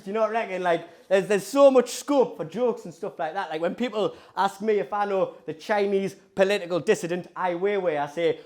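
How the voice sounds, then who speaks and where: A man with a Geordie accent doing stand-up comedy, talking in a lively, provocative, conversational way. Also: high voice, normal speed, hardly any pauses.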